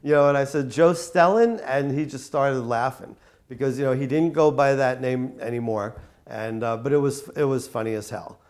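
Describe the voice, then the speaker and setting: A man's voice: medium pitch, normal speed, darkish tone. A man recalling an old friend in a documentary interview, talking casually with many fillers. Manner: casual, filler-heavy storytelling.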